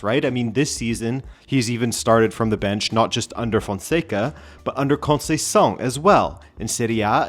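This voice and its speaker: Rambling, wry male football vlogger. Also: mid-range voice. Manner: rambling stream-of-consciousness talk; wry, opinionated asides. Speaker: football channel host. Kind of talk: casual football commentary vlog.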